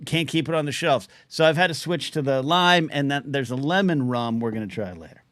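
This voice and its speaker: A middle-aged man hosting a live call-in stream, chatting loosely and reading out chat names, his throat a little scratchy from shouting. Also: medium pitch, dry recording. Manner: chatty, quick asides, reads out chat names. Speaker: livestream call-in show host. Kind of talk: casual rambling live-stream talk.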